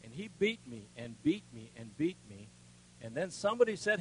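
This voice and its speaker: An older man preaching, telling a personal story in a folksy way, dropping to a hush and then rising loud. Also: a little high, big pitch swings, normal speed, slight background noise, rough recording. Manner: folksy storytelling with strong swings between hushed and loud. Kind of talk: sermon with personal testimony.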